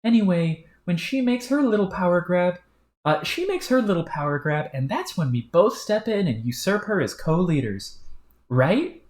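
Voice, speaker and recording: A woman's voice: fairly low pitch, sing-song, moderate pace, darkish tone, voice pushed up. A woman voicing a bratty, scheming young female troll who talks in a smug, bossy, sarcastic way, in a roomy-sounding recording. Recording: roomy echo.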